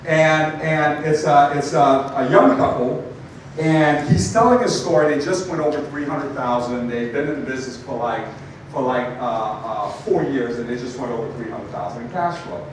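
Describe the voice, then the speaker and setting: A man giving a motivational talk to an audience, telling stories with animated asides. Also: medium pitch, normal speed. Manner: storytelling, animated, many asides like "right?". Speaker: motivational speaker. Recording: echoey hall from far off, noisy.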